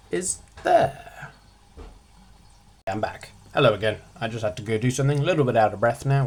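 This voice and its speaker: A man giving a casual revision lesson as a tutor, chatty, with jokey asides, stressing single words. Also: medium pitch.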